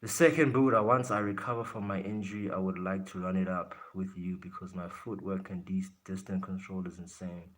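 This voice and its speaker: Blunt, low-voiced man chatting on a live stream. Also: fairly even intonation, fairly quick, hardly any pauses. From South Africa. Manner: blunt, laughs often, answers viewer chat. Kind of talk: casual live chat reaction stream.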